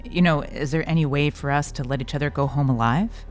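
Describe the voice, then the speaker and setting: A man's voice: a little high, a little fast, lightly acted. Man as a young comms officer, deferential, earnest, radio drama. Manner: respectful, questioning, deferential.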